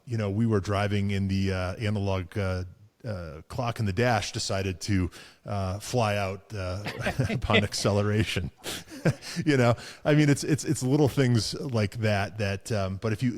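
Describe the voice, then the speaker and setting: A man's voice: lowish voice, measured pace. A man co-hosting a car show, chatting casually with lots of fillers, restarts and chuckles. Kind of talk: casual chat.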